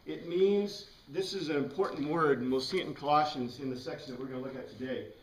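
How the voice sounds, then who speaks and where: Male Bible class teacher, fairly high voice, explanatory and keen, recorded from across an echoey classroom. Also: quick pace, slight background noise. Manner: explanatory, spells out words letter by letter, enthusiastic asides. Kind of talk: classroom lecture. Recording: roomy echo, mic far away.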